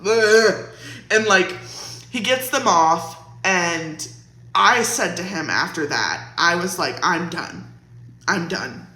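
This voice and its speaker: A woman's voice: lowish voice, lively intonation, takes it slowly, pushed and bright. A young woman vlogger casually telling a storytime, chatty and laughing, with lots of "like". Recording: roomy echo.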